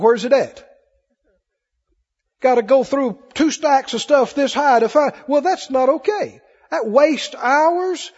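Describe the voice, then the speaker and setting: In a reverberant church hall, a pastor with a very high, darkish voice preaches emphatically and calls for responses from the congregation. The recording is lo-fi.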